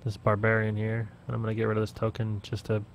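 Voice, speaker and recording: Gravelly man as game master over voice chat; walks the players through the rules patiently. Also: lowish voice, completely flat delivery, quick pace, a little hiss or hum. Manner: explains rules step by step.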